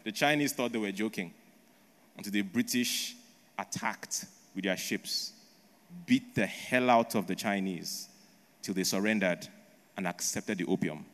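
A man's voice: fairly low pitch, unhurried, a bit bright. A male preacher who tells history as a story in his sermon, tossing in rhetorical questions and a repeated "right?". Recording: long echo of a large hall.

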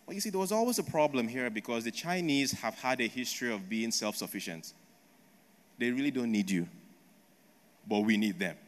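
A man's voice: mid-range voice, lively intonation, brisk. Preacher man in an echoing hall. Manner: storytelling with rhetorical questions and tag "right?". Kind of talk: sermon. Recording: long echo of a large hall.

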